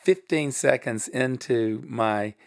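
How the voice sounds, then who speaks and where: A middle-aged Southern man tells stories as an interview guest. His voice has a gravelly edge, and his delivery is animated, swinging up and down in pitch and breaking into laughs. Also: takes it slowly. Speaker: guest, production company head. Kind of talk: storytelling interview.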